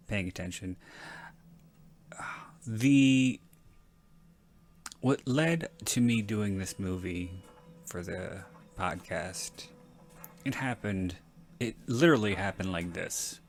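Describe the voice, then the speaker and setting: A man hosting a podcast, giving casual, rambling movie commentary, frank and prone to self-correction and casual swearing. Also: low-pitched. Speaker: podcast host.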